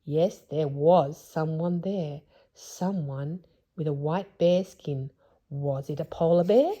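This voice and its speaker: A woman reading a children's story aloud in a gentle storyteller's voice. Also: sits low, slow pace. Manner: gentle, hushed at tense moments.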